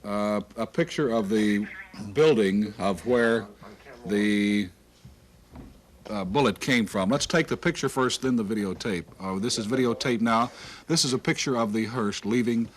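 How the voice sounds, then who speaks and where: A man's voice: on the low side, a little slow. Breathless man anchoring breaking news. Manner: urgent, reading bulletins aloud. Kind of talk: live breaking news broadcast. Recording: archive TV broadcast with faint noise.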